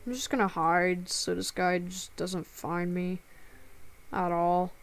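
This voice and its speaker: A woman's voice: lowish voice, level tone, takes it slowly. A woman streaming a game live, upset and close to tears, talking in stammering restarts with a plaintive tone.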